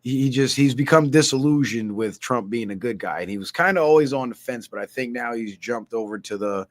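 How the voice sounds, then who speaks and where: Middle-aged male streamer, mid-pitched, relaxed cussing storyteller. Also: brisk. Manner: loose, swearing storyteller, animated asides. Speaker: livestream host. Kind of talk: casual livestream monologue.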